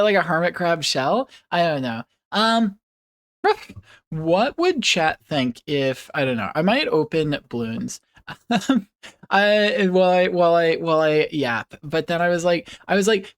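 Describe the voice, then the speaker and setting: A woman streamer chatting casually with her viewers, rambling and giggling, with playful puppy noises. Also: lowish voice.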